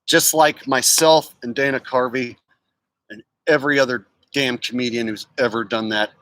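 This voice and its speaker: A man's voice: medium pitch, fairly even intonation, normal speed, fairly bright tone, slight background noise, rough recording. A man streaming live, chatting in a rambling, jokey way and reading out viewer comments. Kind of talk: casual livestream chat.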